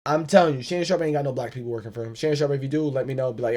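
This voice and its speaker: A man hosting a solo podcast, ranting in an animated, profane way and laughing often. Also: medium pitch, rapid-fire, few pauses. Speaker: podcast host.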